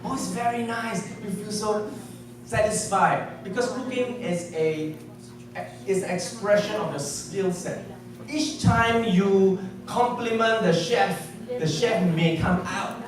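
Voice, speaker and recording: A man's voice: high voice, slow. A middle-aged man giving a humorous sales seminar talk, telling stories and chuckling at his own jokes. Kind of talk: humorous storytelling talk to an audience. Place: large hall before an audience. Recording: echoey hall from far off with noise.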